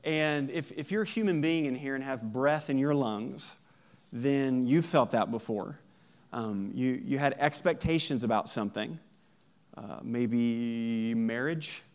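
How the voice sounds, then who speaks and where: A man in his thirties, a pastor, giving a sermon and telling a funny family story with laughter. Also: on the high side. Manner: lively storytelling, laughs often, acts out voices.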